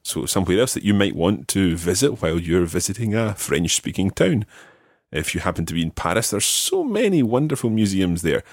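A man hosting a language-learning podcast, teaching patiently and modelling words clearly for the listener. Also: deep voice, big pitch swings, a little fast, no echo, studio quality. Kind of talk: language lesson with an ad read.

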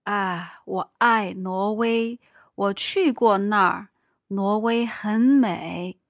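A woman playing a friendly female conference visitor in a calm practice dialogue. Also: medium pitch, very slow, dry recording, clean studio sound.

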